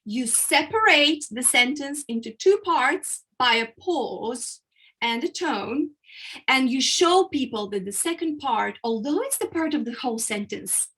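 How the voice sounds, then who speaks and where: A woman public speaking coach explaining persuasion techniques in a training session, emphatic and explanatory, playing with emphasis and pauses. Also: sits high, fairly bright tone, slightly rough. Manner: explanatory, emphatic, uses vocal variety and pauses.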